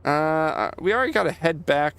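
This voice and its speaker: A man's voice: fairly high pitch, lively intonation, brisk, gravelly, a bit bright, a little hiss or hum. A man streaming a game, rambling in a loose, casual way and swearing now and then.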